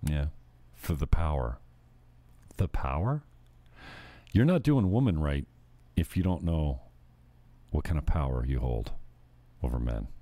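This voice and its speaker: A man's voice: extremely low pitch, animated, unhurried, long pauses, warm tone, no echo. A male show host ranting casually, blunt, profane and mocking. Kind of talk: casual crude comedy rant.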